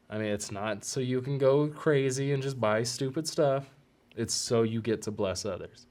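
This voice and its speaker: A male podcast host talking in a heartfelt, unscripted monologue. His voice sits at an ordinary middle pitch, earnest and halting, and it drops soft and choked when he is moved. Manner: earnest and emotional, often choked up.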